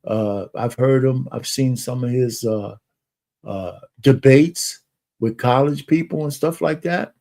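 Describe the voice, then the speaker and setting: A man's voice: medium pitch, slow, gravelly, a little mellow. A man giving casual, rambling commentary as he reacts to news clips, with many fillers and restarts.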